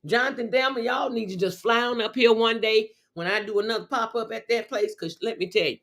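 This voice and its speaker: A woman's voice: on the high side, brisk, fairly bright tone. A middle-aged woman hosting her show, telling a story in a casual, exuberant way full of exclamations. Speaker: show host.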